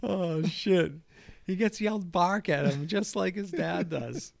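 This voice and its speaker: Profane, animated man chatting about golf. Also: sits high, takes it slowly, vocal fry, dry recording. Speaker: podcast co-host. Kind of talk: casual chat.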